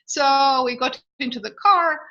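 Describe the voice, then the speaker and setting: A woman telling a personal story in a casual way, pausing often with fillers and restarts and laughing now and then. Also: high voice, bright, forceful tone. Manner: halting, with many fillers and restarts. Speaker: guest sharing a birth story. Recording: dull lo-fi audio.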